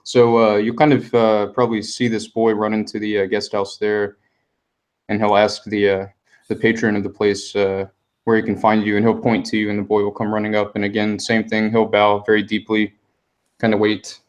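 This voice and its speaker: Low flat-voiced guy running a tabletop game, lots of uhs. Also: moderate pace. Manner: relaxed, many fillers, describes scenes at length. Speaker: game master.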